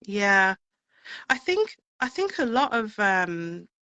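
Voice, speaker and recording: A woman's voice: medium pitch, very animated, slow, pushed and bright, clear, resonant tone, dry recording, dull audio. A woman singer being interviewed, chatting in a rambling way with plenty of fillers. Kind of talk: casual interview chat.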